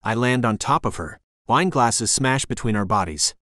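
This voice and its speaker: A man narrating a first-person romance audiobook in a measured storytelling manner, on a close studio mic. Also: mid-range voice, expressive, a bit bright, no echo.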